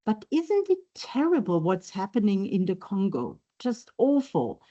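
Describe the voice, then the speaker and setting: A gushing American lady at a wedding, read aloud by a woman in her own mellow voice. She talks slowly. The recording sounds dull and lo-fi. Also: medium pitch, wildly swooping pitch. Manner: reads aloud plainly, barely acted.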